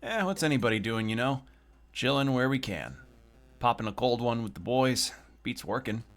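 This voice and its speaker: A man's voice: mid-range voice, lively intonation, normal speed, a bit bright, soft background music. A man voicing a laid-back young male mechanic in a video game, drawling in casual slang and calling the listener little man. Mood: easygoing.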